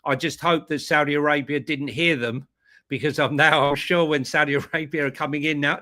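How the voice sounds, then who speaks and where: Co-host, male, bright and forceful tone, chatty, laughs easily. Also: fairly high pitch, fairly even intonation, fairly quick. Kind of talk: casual football chat.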